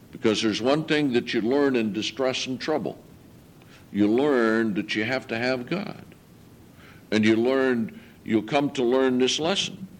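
A man preaching a sermon to his congregation, earnest and emphatic, reading scripture slowly and lifting his voice on key points. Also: fairly low pitch. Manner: slow, deliberate scripture reading.

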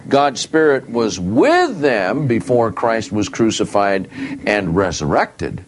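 A man teaching a Bible study, reading verses aloud and repeating key words with deliberate stress. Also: fairly low pitch, big pitch swings, slight background noise.

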